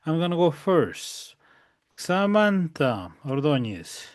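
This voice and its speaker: A man's voice: a little high, sing-song, takes it slowly, no echo, clean studio sound. A man teaching a language class online. He repeats each point patiently and keeps checking that his students understand.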